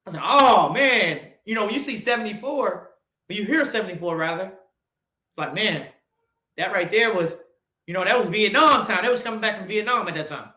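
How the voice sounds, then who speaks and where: A man in his forties with a bright, forceful voice delivers a blunt, cursing motivational monologue. He swings between loud, pushy urging and low, quiet asides. The sound carries a roomy echo. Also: animated, normal speed. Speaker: podcast host.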